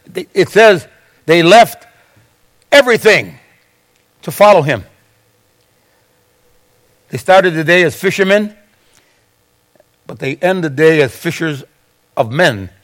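A man's voice: high voice, animated, measured pace, long pauses, fairly bright tone. A man preaching a sermon as pastor, retelling scripture with dramatic storytelling and acted-out voices.

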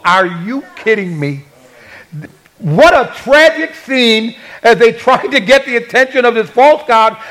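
A man preaching a sermon as a pastor, telling a Bible story in an animated way and acting out the quoted voices with humor. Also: extremely high pitch, rough recording.

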